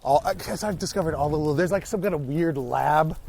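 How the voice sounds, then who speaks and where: A man's voice: a little high, a little fast, vocal fry, a little hiss or hum. A young man chatting on a walk through a park, telling stories with lots of swearing and acted-out reactions. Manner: animated storyteller, swears a lot, acts out his own reactions. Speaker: podcast guest. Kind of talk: casual chat on a walk. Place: outdoors on a park hiking trail.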